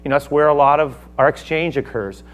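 A man's voice: on the high side, a little fast, dull audio. Man preaching a dramatic sermon. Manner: dramatic, acts out the speakers of his text with sudden loud outbursts. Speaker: pastor.

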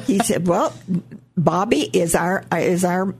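Older woman guest, slow gravelly storyteller with a husky low voice. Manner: slow, laughing often, quotes others in lifted voices. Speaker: guest, mother. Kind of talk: casual storytelling.

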